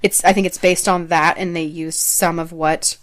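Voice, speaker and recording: Woman, young adult, podcast co-host, casual chat, lower voice, chatty, laughs often. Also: level tone, normal speed. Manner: chatty, laughs often, trails off mid-sentence.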